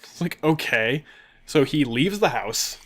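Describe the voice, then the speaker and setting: A young man telling a long tabletop game story in a casual chat, animated and often laughing as he quotes the players. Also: mid-range voice, a little slow. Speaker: podcast co-host telling a story.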